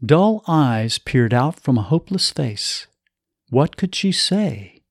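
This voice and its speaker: A man reading a story aloud in a measured, expressive way. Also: medium pitch, no room sound, clean studio sound. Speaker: narrator.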